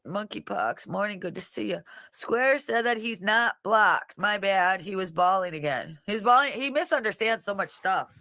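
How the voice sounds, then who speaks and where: A woman's voice: medium pitch, expressive, moderate pace, hardly any pauses, bright, forceful tone, dry recording. A woman hosting a casual livestream, reading comments and mocking people in a brash, profane way. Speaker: livestream host.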